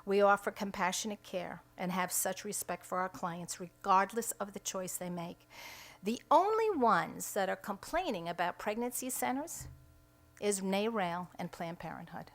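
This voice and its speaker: A woman's voice: medium pitch, expressive, normal speed. A middle-aged woman who directs a pregnancy center, giving an emphatic press conference statement at a podium microphone indoors. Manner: emphatic, re-enacts quoted dialogue. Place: indoor room at a state capitol.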